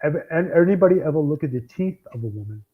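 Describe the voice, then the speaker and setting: A man's voice: on the high side, animated, very fast, a crowd in the background. A man co-hosting a casual podcast, talking bluntly and sharing strong opinions. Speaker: podcast co-host. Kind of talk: casual banter. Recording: dull lo-fi sound.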